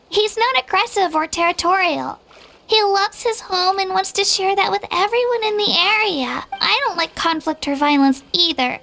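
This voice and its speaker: A gentle, earnest young girl warrior. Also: extremely high pitch, gravelly, slight background noise, exaggerated voice. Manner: sincere, soft-spoken, heartfelt. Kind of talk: video game voice acting. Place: recording studio.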